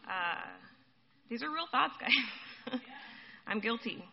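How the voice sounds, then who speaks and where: Chatty woman preaching, slightly high voice. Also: animated, drawn-out words, vocal fry, pauses often. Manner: conversational, addresses listeners as guys, laughs often. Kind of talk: casual sermon. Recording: dull lo-fi recording.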